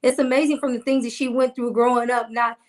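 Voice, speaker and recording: A woman's voice: on the high side, steady tone, quick pace, darkish tone. Earnest woman talking faith. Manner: earnest, preacherly, repeats for emphasis. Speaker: guest. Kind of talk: casual faith conversation.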